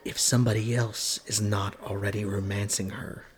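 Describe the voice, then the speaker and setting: A man's voice: level tone, moderate pace, lightly acted. A man voicing a sly, flirtatious witch woman with a floating enchantress air, lifting his voice for her. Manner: sly, teasing, higher sweet voice.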